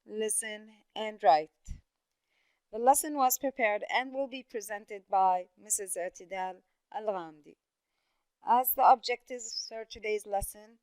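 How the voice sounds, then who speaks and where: Woman, English teacher, smooth voice, fairly high, dry close sound. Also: dry recording, rough recording. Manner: patient, asks questions and praises imagined students. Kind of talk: recorded classroom lesson.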